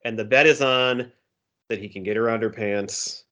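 A man's voice: on the low side, fairly even intonation, normal speed, sharp tone. A man co-hosting a casual movie discussion, recapping scenes and quoting favorite lines playfully. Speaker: podcast co-host.

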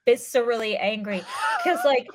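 A woman in casual conversation, ranting in a quick, profane, joking way. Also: a little high, a crowd in the background. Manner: fast, profane, joking rants. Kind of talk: casual chat.

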